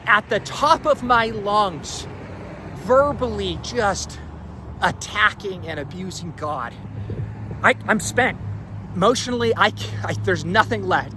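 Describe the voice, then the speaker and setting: A young man with a high, light voice tells a personal story into his own recording device, candid and animated, often restarting and leaning on "like." The take was recorded outdoors, and passing traffic is clearly audible behind him. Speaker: returned missionary telling a personal story. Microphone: self-recording on a phone or camera.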